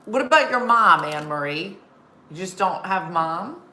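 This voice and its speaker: A woman's voice: on the low side, lively intonation, a little slow, pushed and bright. A woman comedian hosting a casual live-stream chat, telling stories and reading viewer comments aloud. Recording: roomy sound with faint background noise.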